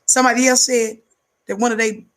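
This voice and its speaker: A woman's voice: flat delivery, fairly quick, a bit bright. A woman giving fiery preaching-style commentary, emphatic and rhythmic, repeating words for effect. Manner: calls herself high-energy.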